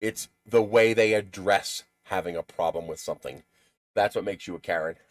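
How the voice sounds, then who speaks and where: A man's voice: low-pitched, moderate pace. A man hosting a live stream in casual chat, blunt and profane, who laughs at his own stories.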